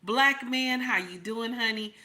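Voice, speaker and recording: Bright-voiced emphatic woman host. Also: on the high side, a little slow. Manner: emphatic, repeats points, greets chat by name. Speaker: channel host. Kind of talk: casual commentary livestream.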